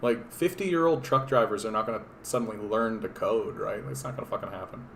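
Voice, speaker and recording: A man's voice: fairly low pitch, a little fast, vocal fry, fairly bright tone, slight background noise. A man from Canada hosting a political livestream, talking in a casual, rambling, profane and sardonic way with lots of fillers and restarts.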